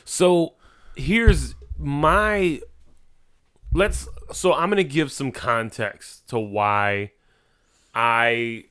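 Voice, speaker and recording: A young man in casual podcast chat, loud and animated, swearing freely. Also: medium pitch, very slow, smooth.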